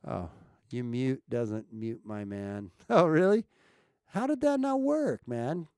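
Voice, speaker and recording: A man's voice: mid-range voice, expressive, takes it slowly, mellow, smooth, no echo, studio quality. A man chatting casually with viewers on a live stream, checking his mic and asking the chat questions as he talks. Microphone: streaming mic at home setup.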